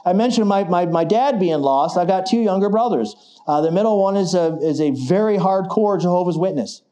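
A man's voice: sits high, animated, brisk. A middle-aged man preaching a sermon, building to emphatic declarations. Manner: emphatic, rising to forceful declarations.

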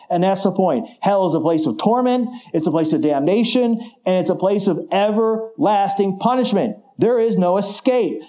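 A middle-aged man preaching a sermon, building to emphatic declarations. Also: high-pitched. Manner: emphatic, rising to forceful declarations.

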